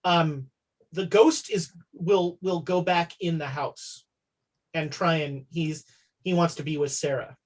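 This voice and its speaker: Game master, woman, husky low voice, halting narration full of ums. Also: fairly even intonation, darkish tone. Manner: hesitant, many fillers.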